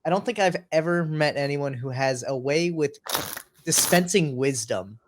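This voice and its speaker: A man's voice: a little high, moderate pace, background noise. Enthusiastic, slangy male host in a casual chat.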